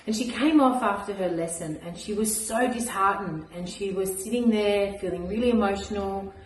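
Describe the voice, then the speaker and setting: A woman's voice: medium pitch, normal speed, echoey room, slight background noise, poor audio. A woman, a mindset coach, giving an earnest, encouraging motivational message.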